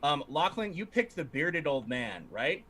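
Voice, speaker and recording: Lively, laughing male game master. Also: on the high side, unhurried, crowd noise. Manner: animated, laughs often while narrating. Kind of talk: narrating a tabletop game livestream.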